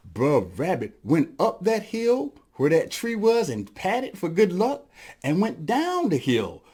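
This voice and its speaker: Lively male storyteller, high voice. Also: breathy edge. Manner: lively, addresses audience, makes sound effects. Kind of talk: animated folktale storytelling.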